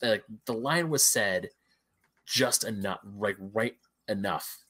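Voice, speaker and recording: A man's voice: fairly low pitch, slow pace, pushed and bright. A man co-hosting a casual gaming podcast, rambling through long stories with lots of restarts. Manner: rambling, many fillers and restarts. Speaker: podcast co-host.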